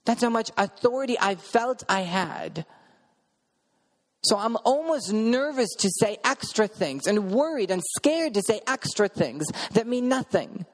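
A man's voice: high voice, big pitch swings, a little slow, in a large hall. A man preaching a sermon, earnestly telling a personal story in vivid present tense. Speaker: preacher sharing a testimony.

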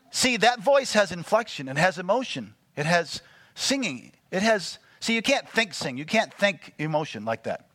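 A pastor with a high-pitched voice preaches a sermon. He is animated and keeps putting call-and-response questions to the congregation.

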